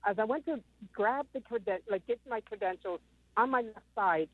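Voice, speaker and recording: A woman's voice: fairly high pitch, normal speed, dry recording. A woman in her fifties, calling in, telling her story in a rambling way full of ums. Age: 50s. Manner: rambling retelling with many ums. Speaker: caller. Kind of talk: phone-in call. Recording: tinny phone line.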